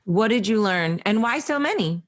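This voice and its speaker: A woman's voice: mid-range voice, lively intonation, moderate pace. Teasing woman with a New Jersey accent. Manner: teasing, direct questions. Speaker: podcast host. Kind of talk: casual chat.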